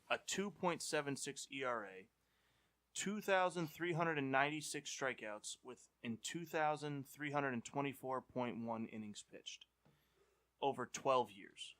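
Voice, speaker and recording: A man's voice: mid-range voice, expressive, a little slow, fairly bright tone. A man co-hosting a sports podcast, reading player stats out as a quiz for his friends. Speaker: podcast co-host running a quiz segment.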